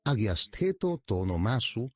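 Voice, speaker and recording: A man who recites a prayer line by line, slowly and with measure. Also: fairly low pitch, sing-song, loud music behind the voice. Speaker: guest reader.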